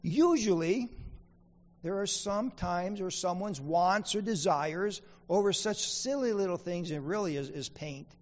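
A man's voice: high voice, a little slow, long reverb tail, lo-fi sound. A man preaching a sermon as pastor, asking the congregation questions and repeating key lines for emphasis. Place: church sanctuary.

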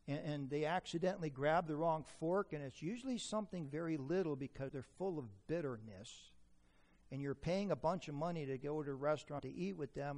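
High-voiced male preacher in a hall. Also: a little mellow. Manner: humorous, questions the audience. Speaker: preacher teaching on parenting. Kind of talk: sermon. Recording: echoey hall reverb.

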